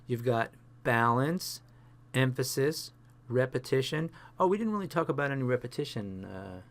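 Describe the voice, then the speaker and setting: A man's voice: medium pitch, animated, normal speed. A man teaching a photography class, talking through example pictures with many fillers and restarts. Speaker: photography instructor.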